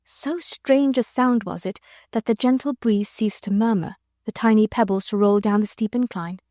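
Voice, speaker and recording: A woman reads a classic novel aloud in a measured, expressive storytelling voice. Her pitch sits in the middle range. The close mic gives a dry, intimate sound. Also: dry recording. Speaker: audiobook narrator. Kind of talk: scripted narration.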